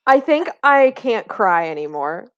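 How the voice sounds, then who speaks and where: A woman player chatting at a game table in an effusive, expressive way. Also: mid-range voice, unhurried, smooth, no echo, highs cut off. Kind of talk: casual chat at a game table.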